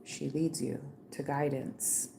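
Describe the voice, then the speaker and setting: A woman's voice: low-pitched, level tone, takes it slowly, vocal fry, mellow, a little hiss or hum. A woman giving a chatty, slangy live-stream tarot reading, talking straight to one viewer with lots of "like" and "okay". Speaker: tarot reader.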